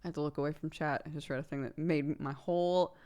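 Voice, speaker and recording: Young adult woman, casual streamer host, chatty and rambling, smooth tone. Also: low voice, steady tone, quick pace, dark tone, lo-fi sound. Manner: chatty, rambling with fillers, laughs often.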